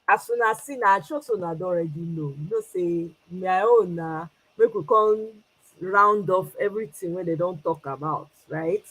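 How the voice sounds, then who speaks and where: A woman's voice: lowish voice, moderate pace, fairly bright tone, slightly rough, rough recording. A Nigerian woman hosting a casual livestream, greeting viewers by name and switching between English and Pidgin with frequent laughs. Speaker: livestream host.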